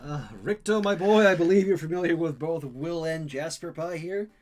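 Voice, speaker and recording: A man's voice: on the high side, normal speed, a little mellow, slight background noise. A man hosting a casual chat, laid-back and crude in an amused way.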